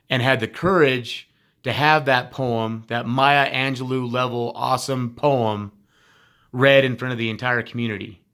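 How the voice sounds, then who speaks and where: A man who used to teach speaks straight to his former students in a heartfelt recorded message. His voice sits at an ordinary middle pitch, and his delivery is emphatic, blunt and informal, with casual swearing. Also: a bit bright.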